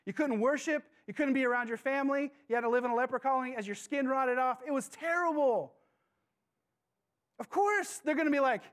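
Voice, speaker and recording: A man preaching a sermon to his church, passionate, with dramatic pauses and questions to the congregation. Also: extremely high pitch, lively intonation. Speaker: pastor.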